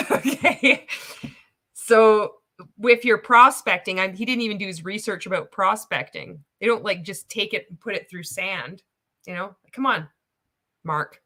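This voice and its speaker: A woman's voice: mid-range voice, measured pace, pushed and bright. A woman hosting reaction commentary, sarcastic and profane, laughing often. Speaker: commentary host.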